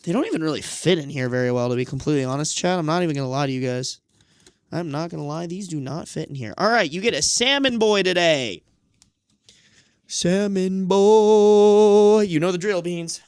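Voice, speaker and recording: A man with a fairly high voice talks fast, recorded dry with studio quality. He's livestreaming from home in casual chat, cooing playful baby talk at his cat and swearing freely.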